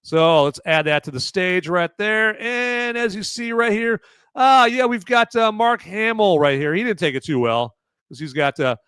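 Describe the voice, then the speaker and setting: A man's voice: high voice, moderate pace, a bit bright, clear, resonant tone, no echo. Brief: middle-aged male host, rambling and mocking, dry close sound. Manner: rambling, sarcastic, filler-heavy. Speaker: podcast host. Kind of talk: casual mocking commentary.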